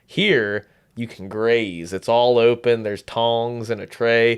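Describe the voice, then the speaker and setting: Male podcast co-host, smooth clear voice, chatty storyteller. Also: medium pitch, slow. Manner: chatty, storytelling, laid-back. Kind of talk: casual podcast banter.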